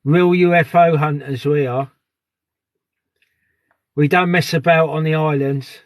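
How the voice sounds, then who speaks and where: A man's voice: on the high side, steady tone, a little slow, no echo. Chatty man live streaming outdoors. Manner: chatty, keeps greeting viewers by name. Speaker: live streamer on a sky watch. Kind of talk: casual live stream chat. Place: outdoors at dusk.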